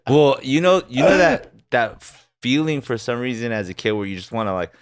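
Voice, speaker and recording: A man co-hosting a comedy podcast, telling a childhood story in a relaxed, rambling way with chuckles. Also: mid-range voice, fairly quick. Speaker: podcast co-host.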